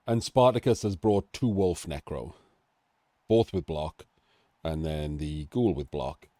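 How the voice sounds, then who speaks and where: Sick, coughing Welsh man, very deep. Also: takes it slowly, dark tone, no room sound. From Wales. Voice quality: nasal, throaty. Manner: chatty, self-deprecating asides. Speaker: game analyst. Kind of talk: casual game commentary.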